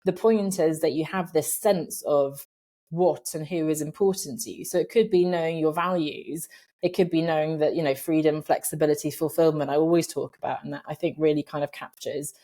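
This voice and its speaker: Lively, quick-laughing woman guest. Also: deep voice. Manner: lively, animated, laughs often, acts out inner voices. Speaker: podcast guest, career coach. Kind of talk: casual conversational interview. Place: home office.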